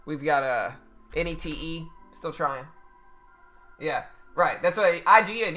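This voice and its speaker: A man's voice: fairly high pitch, expressive, a little slow, long pauses, sharp tone, faint music behind. A man hosting a live trading stream, chatting casually with viewers in a loose, slangy way. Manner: chatty and loose, talks to chat with slang like bro and dude. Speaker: livestream trading host.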